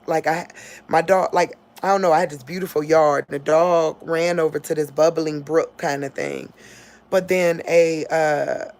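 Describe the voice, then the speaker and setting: A woman giving an informal spiritual talk on a livestream. She laughs often and acts out quotes in a loud voice. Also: low voice. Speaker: online preacher.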